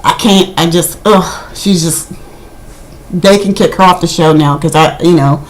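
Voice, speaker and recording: A woman's voice: fairly low pitch, unhurried, a little hiss or hum, rough recording. A woman casually recapping a reality TV episode, indignant and gossipy, with lots of "I mean". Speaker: video reviewer.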